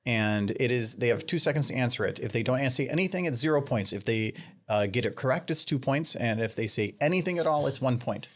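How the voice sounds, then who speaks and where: A man's voice: medium pitch, animated, brisk, a bit bright. A young man hosting a podcast trivia segment, rambling with lots of fillers and laughs. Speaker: podcast host running trivia. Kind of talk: casual group chat.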